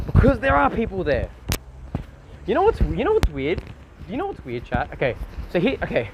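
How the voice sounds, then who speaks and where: An Australian man rambles through a casual live stream, swearing easily as he talks to his chat. His voice sits a little high. He speaks into a phone outdoors, with wind and street noise clearly audible behind him. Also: wildly swooping pitch, brisk, long pauses. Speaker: IRL streamer. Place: outdoors on windy city streets. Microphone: phone held while walking.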